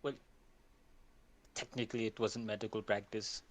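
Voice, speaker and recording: A woman with an extremely deep voice, playing her character at a tabletop game. Her replies come out dry and deadpan. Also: moderate pace. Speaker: player.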